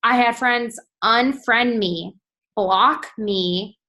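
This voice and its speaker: A woman in her twenties speaking earnestly in a motivational team talk, soft and encouraging. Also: on the high side, very slow. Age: 20s.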